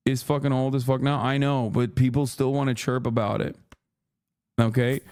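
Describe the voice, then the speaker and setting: A man's voice: mid-range voice, little pitch movement, moderate pace, darkish tone, smooth. A man streamer ranting heatedly at his chat, swearing a lot and mocking people in a sarcastic put-on tone. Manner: angry, swearing, sarcastic mock quoting. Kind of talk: heated profane rant to chat.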